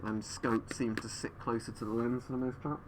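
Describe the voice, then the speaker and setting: A man's voice: medium pitch, level tone, brisk, a little hiss or hum. A man streaming from home over a webcam, answering viewers in a rambling way, his voice muffled through a gas mask. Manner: rambling, thinking aloud with fillers.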